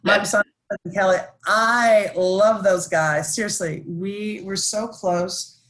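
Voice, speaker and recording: A woman chef, chatting casually and enthusiastically on a live stream, with lots of restarts and excited asides. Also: medium pitch, slow. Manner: animated, gushing, chatty with many restarts. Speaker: celebrity chef guest.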